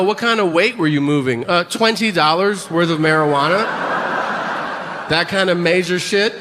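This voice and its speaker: A man's voice: sits high, a bit bright, a little hiss or hum. Wry stand-up man in a reverberant hall. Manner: wry, profane, acts out quotes. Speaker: stand-up comedian. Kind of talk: stand-up storytelling.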